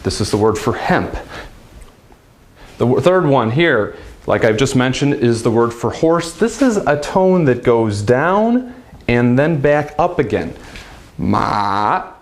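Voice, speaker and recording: A man's voice: medium pitch, very animated, measured pace. A man teaching a casual video language lesson in an upbeat, chatty way.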